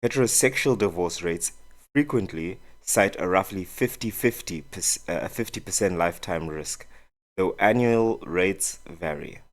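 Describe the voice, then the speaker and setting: Male co-host, South African accent, deep, measured and hesitant. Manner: measured, hesitant, reads out search results. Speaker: podcast co-host. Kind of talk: casual discussion.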